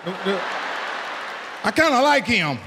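An older man performing a stand-up set with animated storytelling, acting out voices and loud outbursts, in a large theater. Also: sits high, a little slow, a crowd in the background. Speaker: stand-up comedian. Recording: long hall reverb, faint noise.

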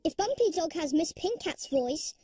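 Cartoon lead: a bouncy, helpful young toy boy, very high and lively, with loud music underneath. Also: normal speed. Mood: upbeat. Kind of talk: animated children's cartoon dialogue. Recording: music playing loudly underneath.

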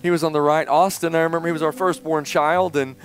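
Man, middle-aged, pastor, sermon storytelling, loud-to-hushed swings, slightly high voice, faint guitar underneath. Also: fairly even intonation, quick pace. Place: church sanctuary.

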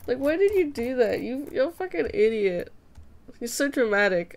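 A woman's voice: on the high side, expressive, normal speed, a little mellow. A young woman chatting casually with viewers while drawing on a live stream, playful, giggly and self-mocking. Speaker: streamer drawing fan art.

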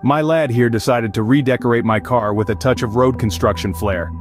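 A jovial father boasts to a crowd about his son's driving, as a man in his fifties quotes him. The voice drops a little lower and softer than the storyteller's own, still in a middle range. Faint music sits underneath. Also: fairly quick, close to an everyday voice. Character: jokey dad bragging to a crowd.

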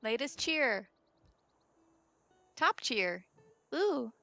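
Playful female co-host, slightly high voice, teasing, reads out chat. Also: very animated, extremely slow, gravelly, pushed and bright, faint music behind. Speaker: co-host of a game livestream. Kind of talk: casual gaming stream chat.

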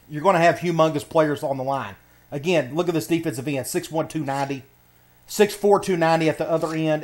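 Chill guy narrating his football game, kinda high voice, thinking out loud. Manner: laid-back, thinking aloud while browsing menus. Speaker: video game commentator. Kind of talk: casual gameplay commentary.

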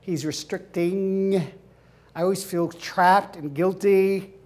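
A man's voice: high voice, steady tone, slow pace, a little mellow. A man acting out a young woman who complains that her relationship feels restrictive, in a sighing tone. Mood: complaining.

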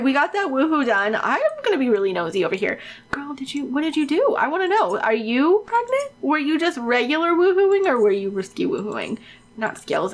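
A woman giving casual, excitable gameplay commentary on her own let's play, chatty and swearing freely. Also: fairly high pitch.

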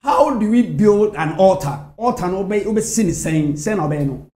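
A man from Ghana interviewing a guest with measured, probing questions. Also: sits high, lively intonation, dark tone, reverberant.

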